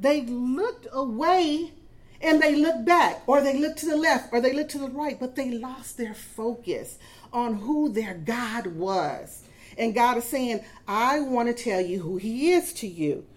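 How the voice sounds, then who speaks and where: A woman preaching a sermon with a high voice. She is middle-aged and tells stories to make her points. Her emphasis swells and eases as she talks. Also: a little mellow. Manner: storytelling with rising emphasis and acted quotes.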